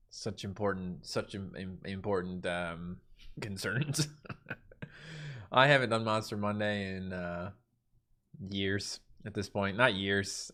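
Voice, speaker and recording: Bright and forceful, his voice sits on the low side. This livestream host from Newfoundland, Canada, speaks with a Newfoundland accent as he chats casually and answers viewers from a mostly empty carpeted room.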